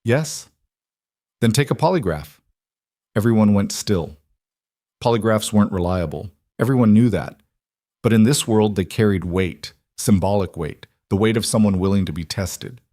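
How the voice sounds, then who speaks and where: Low-voiced man narrating a drama. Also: moderate pace, dark tone, no echo, studio quality.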